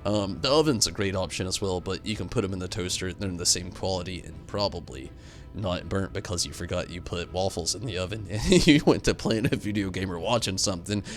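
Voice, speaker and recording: A young man streaming a game, rambling through animated stories and chatting with viewers at a desk mic. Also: deep voice. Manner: rambling, animated storytelling with swings into loud outbursts; reads out and answers viewer chat. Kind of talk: casual live-stream commentary.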